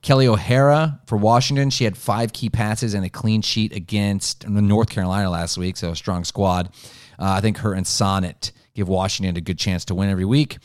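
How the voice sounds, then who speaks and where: Guy with a lowish voice rambling through a sports podcast, lots of likes and ums, dry close sound. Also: steady tone, normal speed, darkish tone, dry recording. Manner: rambling, full of "like" and "um". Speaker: podcast co-host. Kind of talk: casual sports chat.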